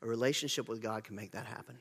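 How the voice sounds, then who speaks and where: A man's voice: medium pitch, fast talker, creaky, fairly bright tone, slightly rough, in a large hall. A man preaching a sermon in a church, talking in a conversational, emphatic way with frequent restarts and self-corrections. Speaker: pastor.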